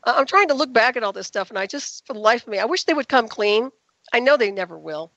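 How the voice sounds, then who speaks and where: A woman guest telling her story in an interview, talking rapidly and emphatically. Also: fairly high pitch, lively intonation, fairly bright tone, no room sound, lo-fi sound. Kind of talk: radio interview call.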